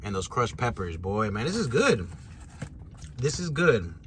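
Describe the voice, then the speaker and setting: A man from Chicago, eating pizza and chatting casually in a mukbang vlog, with a relaxed, chatty manner. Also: lowish voice, measured pace, slight background noise. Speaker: vlogger. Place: parked truck.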